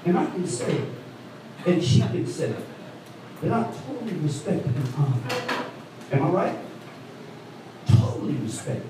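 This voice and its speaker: A man preaching an animated call-and-response sermon, recorded from a distance in a church. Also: a little slow, long pauses, very noisy. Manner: animated call-and-response preaching, voice swooping high for quoted women. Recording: echoey hall, mic from afar.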